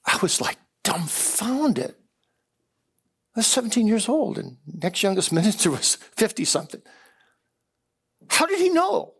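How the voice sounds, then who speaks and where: With a high, creaky, slightly rough voice, a man preaches unhurriedly in chapel and pauses often. He tells his stories earnestly, at times repeating words as he builds up excitement.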